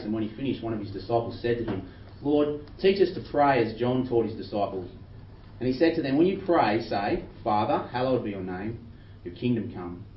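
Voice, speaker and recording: A man preaching a sermon, earnestly reading scripture with rising emphasis. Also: lowish voice. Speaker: pastor. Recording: roomy distant dull recording with faint noise.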